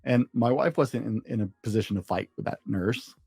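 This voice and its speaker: A man hosting a podcast, speaking bluntly and forcefully as he tells a story. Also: fairly low pitch, fairly quick, slightly rough, no echo. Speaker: podcast host. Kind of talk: podcast interview.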